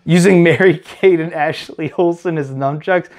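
A man hosting a casual card game review, reading cards aloud with excited reactions. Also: fairly high pitch, normal speed. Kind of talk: casual chat.

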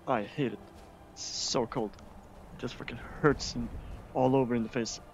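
A man from Sweden giving casual, excitable gameplay commentary as a streamer, swearing often. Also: mid-range voice, normal speed, gravelly, highs cut off, a little hiss or hum. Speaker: gaming streamer.

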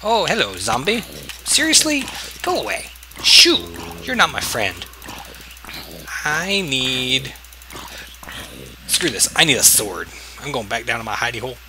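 A man's voice: medium pitch, big pitch swings, unhurried, pauses often, background noise. A man casually commenting as he plays a game, talking to himself and yelping whenever something attacks him. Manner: rambling self-talk, yelps and exclaims when attacked. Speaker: gaming video host. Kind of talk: casual let's-play commentary.

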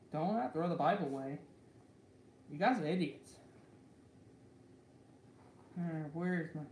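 A man's voice: high-pitched, a little mellow. Young male vlogger, meandering delivery full of repeated fillers, recorded in a roomy echoey space. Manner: rambling, repeats "so" and "guys" constantly. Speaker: channel host. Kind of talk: rambling casual vlog. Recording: echoey room with faint background hum.

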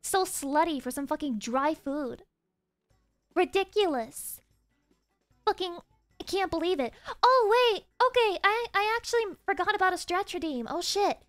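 A woman streaming a game from her desk, chatting in an excitable, rambling way full of swearing. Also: very high voice, unhurried, soft background music. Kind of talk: casual game stream chat. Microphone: desk mic.

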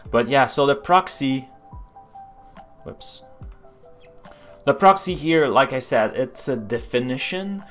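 A man's voice: medium pitch, animated, takes it slowly, pauses often, fairly bright tone, faint music behind. A man with a Quebecois French accent, live-streaming as he codes, thinking aloud and answering chat questions with lots of fillers and restarts. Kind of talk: casual live-stream chat while coding.

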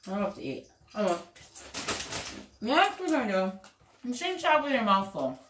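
A woman's voice: mid-range voice, sing-song, moderate pace, reverberant, background noise. A woman chatting casually through a home cooking demo in her kitchen, rambling and talking to her cats between steps. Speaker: vlogger.

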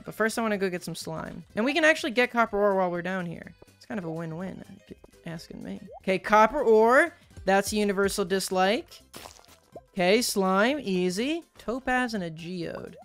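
A woman's voice: mid-range voice, creaky, a bit bright. A woman giving playful, jokey gameplay commentary as she plays a farming game and talks to her viewers. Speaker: gaming video host.

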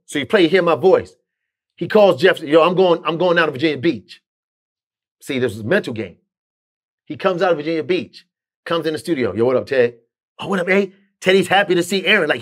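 Animated middle-aged man telling a story. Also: a little high, a little fast, husky. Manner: animated, acts out quoted dialogue. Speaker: interviewee. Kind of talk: storytelling interview.

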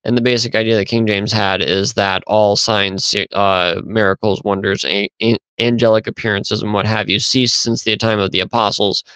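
A man's voice: on the low side, steady tone, moderate pace, few pauses, fairly bright tone, clear, resonant tone, no echo, low-quality recording. A man hosting a podcast, talking through stories in a rambling, conversational monologue. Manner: conversational, rambling, with fillers and restarts. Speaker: podcast host. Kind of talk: casual storytelling monologue.

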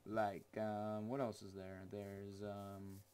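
A man casually commenting while he plays a game, goofy and excitable with lots of exclamations. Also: lowish voice, slow, slight background noise. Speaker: gaming channel host.

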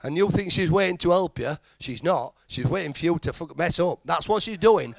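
A man's voice: fairly high pitch, brisk, gravelly, no room sound. A middle-aged man with a Yorkshire accent doing a stand-up routine, telling stories and acting out the people and machines in them. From Yorkshire, England. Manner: animated storytelling, acting out characters and machine voices. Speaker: stand-up comedian. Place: comedy stage before a live audience.

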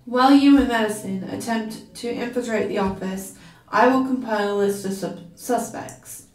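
A woman's voice: fairly high pitch, moderate pace, darkish tone, lightly acted. A woman reading aloud, voicing a nerdy young man who explains things in a precise, lecturing way. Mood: businesslike. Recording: roomy, from a distance.

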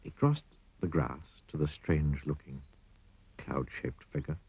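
A man reading a children's story aloud in an expressive, playful storytelling manner. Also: rumbling low, measured pace, creaky, husky, no echo, dull audio. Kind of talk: storybook narration.

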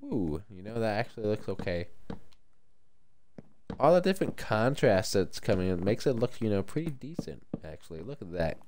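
A tired man chatting casually to his viewers while streaming a game, rambling and thinking out loud. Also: on the low side, very animated, moderate pace, slight background noise. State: tired, yawning. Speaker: livestreamer. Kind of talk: casual gameplay commentary.

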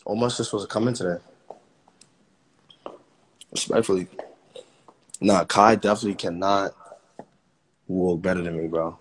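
A man's voice: low voice, steady tone, normal speed, pauses often, husky. A man in his twenties, chatting casually on a livestream and joking trash talk at his viewers. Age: 20s.

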